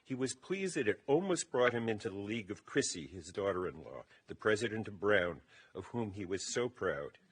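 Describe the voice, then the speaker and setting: A man delivering a prepared funeral eulogy at a memorial service, speaking in a measured way as he reads his remarks. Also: on the low side, big pitch swings, breathy edge. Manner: measured, reading from a text.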